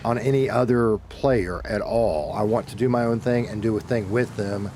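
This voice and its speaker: A man's voice: on the low side, normal speed, dark tone, a little hiss or hum. Chatty Southern man streaming a game. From Deep South of the United States. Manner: rambling and self-correcting, with bursts of cursing. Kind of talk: casual chat to viewers while gaming.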